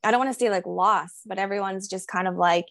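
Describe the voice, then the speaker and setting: A woman's voice: medium pitch, brisk, creaky, no room sound. A woman guest on a podcast interview, talking in a rambling, reflective way with many fillers. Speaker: guest, body acceptance coach.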